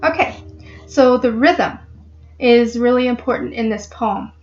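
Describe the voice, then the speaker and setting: Lady vlogger walking through a poem, bit high voice, lots of ums, dull lo-fi sound with faint music. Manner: halting, many ums and restarts. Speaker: literary vlogger. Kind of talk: casual explanatory talk.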